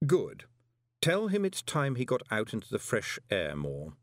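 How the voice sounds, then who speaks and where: A man voicing a cool, dry male ruler who speaks in a measured way. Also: fairly low pitch, huge pitch swings, no echo.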